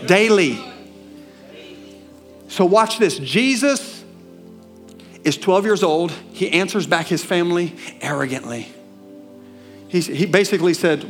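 High-voiced Southern preacher. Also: male voice, a little slow, long pauses, faint music behind. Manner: animated, asks the congregation questions, swings from loud to hushed. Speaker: pastor. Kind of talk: sermon. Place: church.

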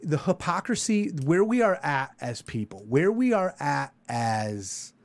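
A man's voice: on the high side, unhurried, no echo. A man hosting a casual talk show, ranting loosely with plenty of swearing. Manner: animated, swearing, rambling rant. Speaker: podcast host.

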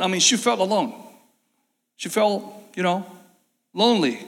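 A male pastor with a fairly high voice delivers a live-streamed sermon, earnest and repetitive. He stacks phrases to build emphasis. The sound carries a long reverb, like a large hall. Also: measured pace, long pauses, fairly bright tone.

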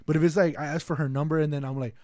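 Young man, casual storyteller, swears freely, slightly high voice, dry close recording. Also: fairly even intonation, very fast, mellow, dry recording. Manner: rambling storyteller, swears a lot, acts out quotes. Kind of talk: casual chat.

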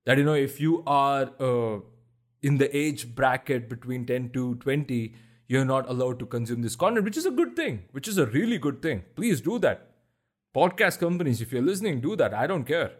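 A man with a deep voice hosting a solo podcast, ranting bluntly and swearing heavily for emphasis. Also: animated, normal speed. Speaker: podcast host. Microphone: podcast mic.

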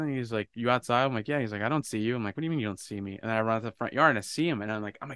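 A man's voice: lowish voice, rapid-fire, clear, resonant tone, dry recording. A man telling a personal story in casual podcast chat, swearing freely and acting out the people in it. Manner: profane, animated storyteller. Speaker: podcast co-host.

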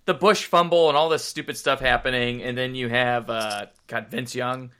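A man's voice: medium pitch, steady tone, normal speed, pushed and bright, clear, resonant tone. A man co-hosting a sports podcast, talking casually and rambling off topic with the odd swear. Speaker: podcast co-host.

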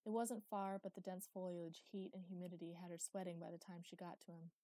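A young woman reading a story aloud in an even, unhurried narration. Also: fairly low pitch, dry recording. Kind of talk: audiobook narration.

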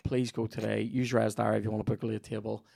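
A man's voice: fairly low pitch, flat delivery, fast, creaky, a little mellow, no room sound. Northern Irish man, podcast host, sweary rambling ad read, dead dry sound. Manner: rambling, profane, jokey.

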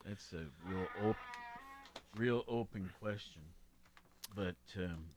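Male interviewer, low-ish voice, very slow, hesitant phrasing. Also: noisy background. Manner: halting, with many fillers and restarts. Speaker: interviewer, host. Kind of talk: interview questions.

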